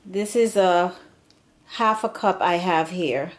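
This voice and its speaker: A woman's voice: fairly low pitch, takes it slowly. Chatty woman demonstrating a home recipe. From Serbian background. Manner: chatty, meandering, with frequent restarts. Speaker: home cooking channel host. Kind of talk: casual cooking demonstration. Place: home kitchen.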